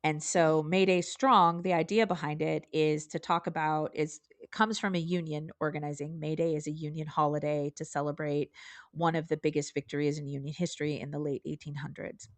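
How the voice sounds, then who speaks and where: A woman's voice: low voice, flat delivery, a little fast, dry recording. A woman co-hosting a podcast, talking earnestly and emphatically in casual political discussion. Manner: earnest, emphatic, pleading at times. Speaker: podcast co-host.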